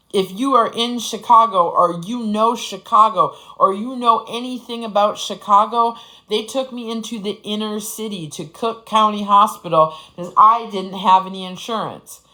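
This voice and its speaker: Blunt, profane woman with a bright voice. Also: medium pitch, rough recording. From Upper Michigan, United States. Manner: blunt and profane, often addresses listeners as "bestie". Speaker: host telling her own story to her audience. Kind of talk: casual personal storytelling.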